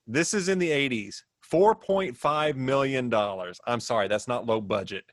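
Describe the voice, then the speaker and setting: A man's voice: mid-range voice, moderate pace. A man co-hosting a casual movie review chat, with dry, agreeable short replies. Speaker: podcast co-host.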